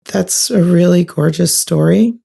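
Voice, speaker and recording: A middle-aged woman co-hosting a podcast, chatting casually and reacting quickly to her co-host. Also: fairly low pitch, creaky, dark tone, husky. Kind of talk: casual conversation.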